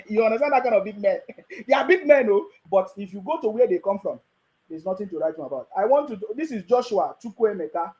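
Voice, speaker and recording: A Nigerian-accented political commentator talking straight to the listener, pitched at an ordinary middle height. The delivery is mocking and full of rhetorical questions, with chuckles slipped in between points and a habit of asking whether the listener is following. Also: animated, brisk, darkish tone, rough recording. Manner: keeps checking in with the listener.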